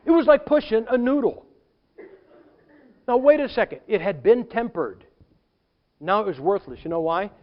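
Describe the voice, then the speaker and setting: In a muffled recording, a high-voiced man preaches a sermon as a pastor. He's an animated storyteller who acts out the things people said.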